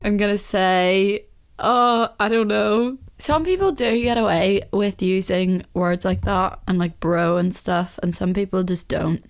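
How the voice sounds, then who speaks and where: A woman's voice: medium pitch, measured pace, smooth. A young woman from Northern Ireland with a Northern Irish accent, chatting casually and with strong opinions, laughing often and sometimes dropping into a whisper. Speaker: vlogger. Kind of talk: casual chat.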